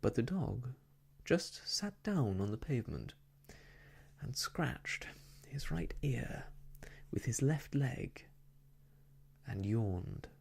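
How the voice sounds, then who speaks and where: A gentle storyteller reads an old children's book in a soft-spoken ASMR style. The delivery is very slow and lilting, with a lively rise and fall. The voice is breathy and slightly gravelly. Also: medium pitch.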